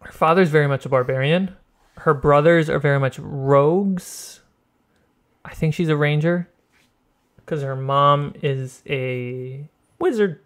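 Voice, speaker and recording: Podcast co-host, male, somewhat high-pitched, quick explainer. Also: clear, resonant tone. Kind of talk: casual chat.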